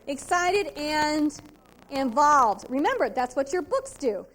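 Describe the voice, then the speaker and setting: High-pitched emphatic woman sales trainer. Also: very animated, slow pace, a bit bright. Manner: emphatic, asks the audience rhetorical questions. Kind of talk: motivational sales training talk. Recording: 2002 VHS convention tape.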